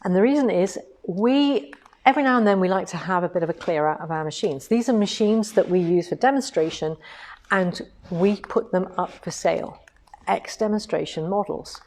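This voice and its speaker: A woman co-hosting a quilting shop livestream demonstrates a machine, chatting casually and enthusiastically with rhetorical asides. Her voice is lowish and darkish, at a moderate pace, with slight background noise.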